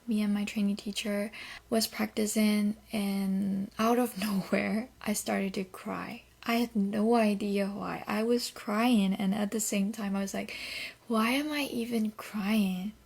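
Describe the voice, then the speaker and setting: Soft-spoken Korean-accented woman, husky voice. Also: mid-range voice. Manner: soft-spoken and candid, often half-whispering, with small grammar slips. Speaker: English-learning podcaster. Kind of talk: casual personal monologue.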